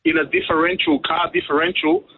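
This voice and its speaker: A man's voice: sits high, very animated, a little fast, vocal fry, background noise. A man calling in to a talkback radio show, matey and easygoing. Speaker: caller. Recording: tinny phone line.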